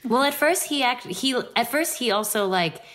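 A woman's voice: fairly high pitch, lively intonation, moderate pace, a bit bright. A woman chatting casually about a book with friends and acting out a character's lines with gusto. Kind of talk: casual chat.

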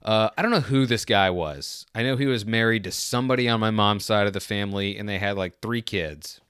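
A young adult man in a casual comedic rant, animated and exasperated, mocking other drivers. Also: lowish voice, a little fast, clean tone, dry recording, studio quality.

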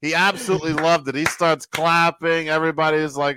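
A man casually telling a backstage story as a guest, animated and quoting the people in it. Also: a little high, fairly quick, background noise. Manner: animated storyteller who quotes other people. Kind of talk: casual anecdote.

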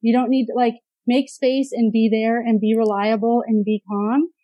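A woman's voice: on the high side, level tone, moderate pace, no room sound, highs cut off. A woman therapist in casual podcast conversation, chatty, with many filler words and brief mimicking of parents.

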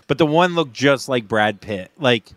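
A man's voice: medium pitch, lively intonation, normal speed, fairly bright tone, dry recording. A man co-hosting a casual podcast who rambles through stories and laughs often. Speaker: podcast co-host. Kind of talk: casual chat.

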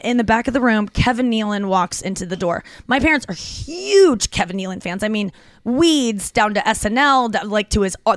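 A woman comedian with a mid-range voice co-hosts a podcast, telling rambling stories in casual chat. She's filler-heavy, saying "like" a lot and restarting often, on a dry recording.

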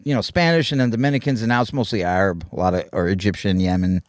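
A man's voice: lowish voice, fairly even intonation, fast talker, no room sound, clean studio sound. A man on a podcast speaking in an easy, conversational way in casual chat. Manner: agreeable, conversational. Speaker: podcast guest.

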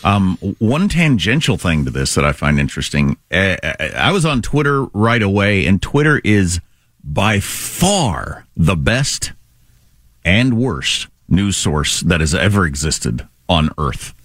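A middle-aged man co-hosting talk radio, rambling casually through opinions and stories. His pitch swoops up and down as he talks. The sound is close and dry. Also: sing-song, slow, fairly bright tone, no echo. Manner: rambling, conversational storytelling.

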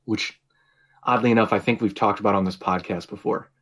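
A man co-hosting a podcast tells a story animatedly in casual chat, swearing and laughing frequently. His voice is lowish and steady, and he talks fairly quickly.

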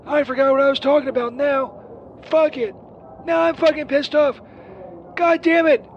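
A squeaky, foul-mouthed saint on a voicemail. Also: male voice, steady tone, moderate pace, dull audio, a little hiss or hum. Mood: furious. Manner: rambling, profane, easily enraged. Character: crude, hapless grown male saint stranded on the road. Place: half-broken street phone booth.

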